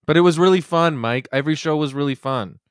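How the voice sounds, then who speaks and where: Man, podcast co-host, smooth clear voice, relaxed storytelling, dry close sound. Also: on the high side, fast, dry recording. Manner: relaxed storytelling with playful asides. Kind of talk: casual podcast chat.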